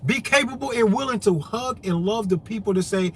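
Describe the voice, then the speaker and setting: A man's voice: sits high, brisk, few pauses, fairly bright tone, slight background noise. A man vlogging an impassioned monologue to camera, profane, emphatic and preachy, hammering points with repetition. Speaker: vlogger and activist.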